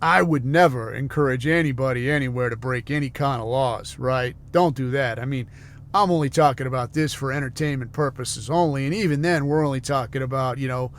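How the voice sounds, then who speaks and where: A man's voice: mid-range voice, a little fast, a little hiss or hum. A man from the United States, hosting a podcast and ranting in a heated, profane, sarcastic way. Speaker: podcast host.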